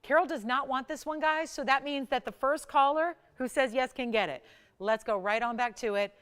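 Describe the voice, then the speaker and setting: A woman host on a live shopping channel, middle-aged, with a smooth, clean voice that sits slightly high. She sells jewelry with urgent, insistent countdown pitches that keep pressing the viewer to call now. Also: normal speed, fairly bright tone. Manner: urgent, countdown-style price reveals.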